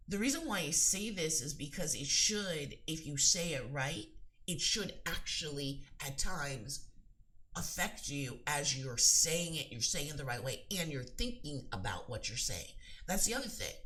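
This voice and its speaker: A woman's voice: deep voice, fairly bright tone. Psychic teacher, woman, earnest and emphatic, rambling monologue. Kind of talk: spiritual advice monologue.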